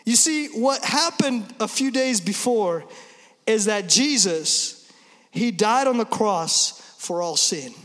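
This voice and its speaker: A man in his thirties preaches an Easter sermon, his voice sitting very high for a man. He drives points home with emphasis, then slips into quick humorous asides. Long reverb trails behind him in a large church hall. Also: expressive, a bit bright. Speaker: pastor.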